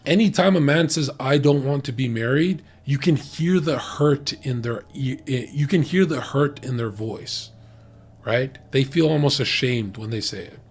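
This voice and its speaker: A man's voice: medium pitch, measured pace, husky. A man talking bluntly and profanely in a heated, ranting casual chat about dating. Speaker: podcast guest giving dating opinions.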